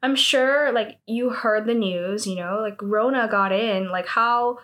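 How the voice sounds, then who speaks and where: A woman's voice: fairly high pitch, a little slow, a bit bright. A woman playing a rude, mocking teenage girl. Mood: taunting. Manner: mocking, sneering. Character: rude taunting teenage schoolgirl.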